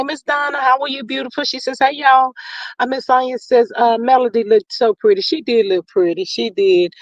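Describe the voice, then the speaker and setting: A woman's voice: medium pitch, a little mellow, dry recording. A woman hosting a livestream in casual chat, reading out viewers' comments in a folksy drawl full of slang. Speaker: livestream host.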